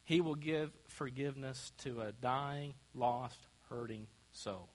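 A man's voice: medium pitch, takes it slowly. A man preaching a sermon in a church, asking the congregation to call out answers. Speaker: pastor. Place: church sanctuary. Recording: long church hall reverb.

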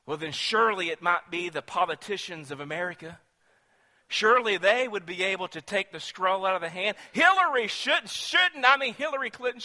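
A man preaching a sermon, building through rhetorical questions and rising to loud, emphatic declarations. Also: high-pitched, big-room sound.

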